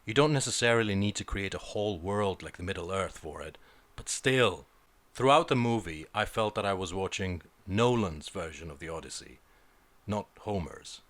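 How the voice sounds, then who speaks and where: A man's voice: sits low, animated, normal speed, fairly bright tone, no room sound. A man giving an opinionated film review, blunt and sarcastic, swearing freely.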